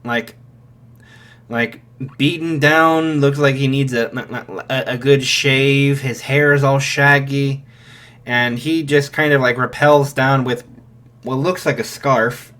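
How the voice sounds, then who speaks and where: A man's voice: medium pitch, steady tone, slow pace, a bit bright. A man casually improvising a fan story, narrating with many fillers and restarts.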